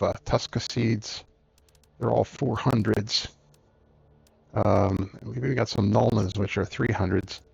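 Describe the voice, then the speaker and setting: A man hosting a game let's-play, thinking aloud in an unhurried way as he plays. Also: on the low side, gravelly, darkish tone, husky. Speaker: gaming channel host. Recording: dull lo-fi recording, faint music.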